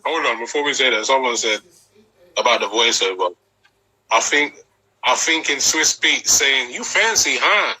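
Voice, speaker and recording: A man's voice: medium pitch, normal speed, long pauses, bright, forceful tone, breathy edge, low-quality recording. A man hosting a casual interview show, enthusiastic and slangy, often restarting his sentences. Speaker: host.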